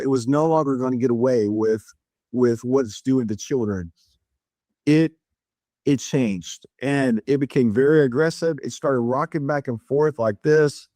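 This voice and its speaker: A middle-aged man spins a dramatic story as a podcast guest, slipping in and out of quoted dialogue with changes in tone. His voice sits at an ordinary pitch for a man and comes across dry and close to the mic. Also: measured pace, no room sound. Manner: animated retelling, acts out dialogue with shifts in tone. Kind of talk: storytelling in a casual interview.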